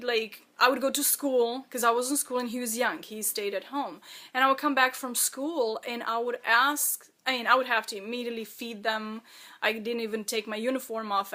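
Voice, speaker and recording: A woman who is the author of her own memoir, speaking in a personal, reflective monologue, halting and emotional as she fights back tears. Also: fairly high pitch, pushed and bright.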